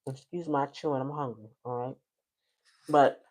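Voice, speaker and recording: Low-voiced chatty woman tarot reader. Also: steady tone, moderate pace, long pauses, darkish tone. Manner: chatty, loose, folksy slang. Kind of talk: casual livestream tarot reading.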